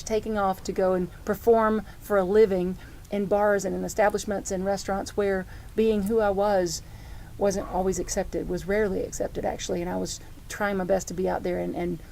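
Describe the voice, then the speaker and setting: A woman's voice: medium pitch, level tone, moderate pace, gravelly, dark tone, a little hiss or hum. A middle-aged woman pastor giving a conversational sermon, telling personal stories in a heartfelt way. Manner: heartfelt, personal storytelling with frequent restarts.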